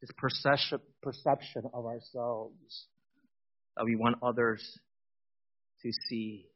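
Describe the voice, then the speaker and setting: A man in his forties giving a personal testimony in a sermon, swinging from loud emphatic bursts to quiet intimate asides. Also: mid-range voice, steady tone, slow pace, highs cut off.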